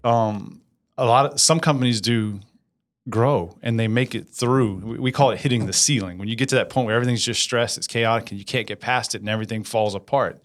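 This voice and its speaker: A man's voice: medium pitch, brisk. A man in a casual interview as a guest business implementer, talking energetically and often checking for agreement. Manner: energetic, asks for agreement with frequent "right?".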